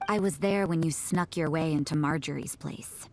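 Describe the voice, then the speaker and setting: A low, dry town guard. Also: female voice, normal speed, a little mellow, a little hiss or hum. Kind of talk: video game voice acting.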